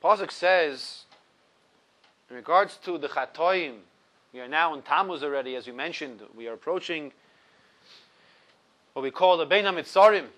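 Man, 30s, high voice, teaching Torah with lively, emphatic storytelling. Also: moderate pace, pauses often, rough recording. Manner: laughs at his own stories. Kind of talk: explaining a religious text to a class.

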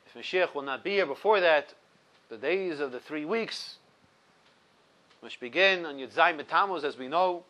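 Man, 30s, high voice, teaching Torah with lively, emphatic storytelling. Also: normal speed, pauses often, rough recording. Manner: laughs at his own stories. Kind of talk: explaining a religious text to a class.

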